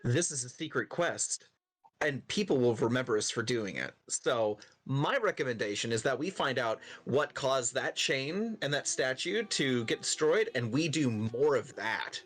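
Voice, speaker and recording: A man's voice: mid-range voice, lively intonation, a bit bright. A man voicing an earnest thoughtful adventurer. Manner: measured, thoughtful speculating. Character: earnest male adventurer reasoning aloud.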